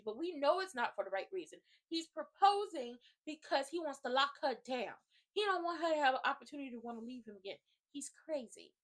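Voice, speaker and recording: A woman with a high-pitched voice hosts a casual recap rant. She is animated and slangy and speaks straight to her viewers. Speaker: YouTube host recapping a TV drama.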